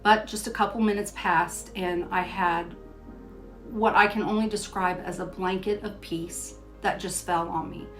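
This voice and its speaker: An older woman speaks at an ordinary, mid-range pitch, recounting a family story in an easygoing, personal way. She moves between plain storytelling and reading scripture aloud in a devotional teaching style. Soft music plays faintly behind her voice. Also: fairly even intonation, a little slow. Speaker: host of a Christian devotional show.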